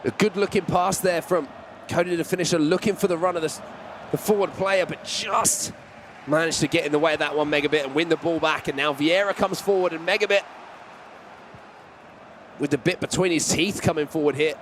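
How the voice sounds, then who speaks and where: A man with a high voice calls an esports football match play by play. He climbs in excitement whenever a chance comes. Faint noise sits under the recording. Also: a little fast. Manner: excitable, rising on big chances. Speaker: esports commentator. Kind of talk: play-by-play commentary.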